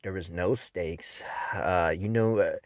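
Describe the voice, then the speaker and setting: A man's voice: sits low, takes it slowly, no room sound, studio quality. A man who hosts his own channel, giving an exasperated, profane rant review of manga.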